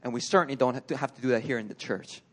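A male pastor giving a conversational sermon in a church, telling personal stories with animated delivery and laughter. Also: mid-range voice, racing.

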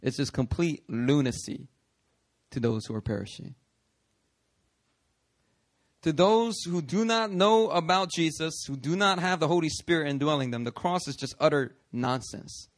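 A man preaching a sermon, animated and conversational, acting out voices in his stories. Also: on the high side, moderate pace. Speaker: pastor.

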